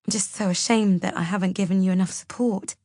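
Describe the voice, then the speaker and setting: A woman voicing a worried young husband who talks softly and pleadingly. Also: medium pitch, steady tone, fast talker, no room sound, studio quality, natural voice. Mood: gentle.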